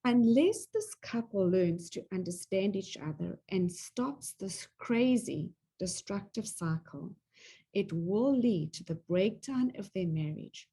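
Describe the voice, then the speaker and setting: A middle-aged woman co-hosting a relationship talk, speaking slowly and expressively. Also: medium pitch, husky. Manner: slow and expressive. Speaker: co-host and presenter. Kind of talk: presenting talk.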